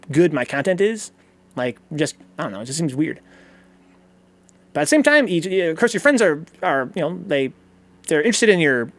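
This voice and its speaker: A man's voice: fairly high pitch, no echo. A man hosting a casual live game stream, rambling and chatty, reading chat messages aloud and swearing casually. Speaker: streamer and host. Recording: game music playing under the voice.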